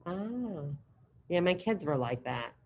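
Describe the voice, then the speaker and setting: A middle-aged woman teaching a high school Spanish class, leading drills in a chatty, encouraging way. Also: sing-song, slow pace, darkish tone, slight background noise, poor audio. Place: classroom with students present and online.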